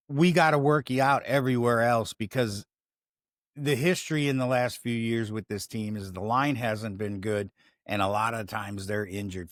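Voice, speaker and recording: A male sports podcast host from Chicago talks casually and profanely, rambling and repeatedly interrupting himself. His voice sits in the mid-range, and the studio-quality recording has no echo.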